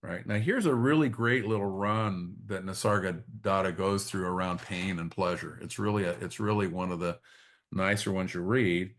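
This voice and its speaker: A man with a fairly low voice leads a spiritual study group in a reflective teaching talk. He speaks haltingly, often repeating his words and adding quick tag questions to check in with his listeners. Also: steady tone, a bit bright.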